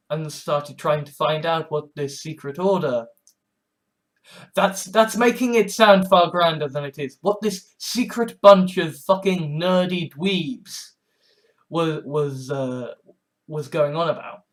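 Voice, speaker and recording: A man in his twenties in a rambling vlog monologue, halting and sardonic, with many restarts. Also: on the high side. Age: 20s. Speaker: vlogger.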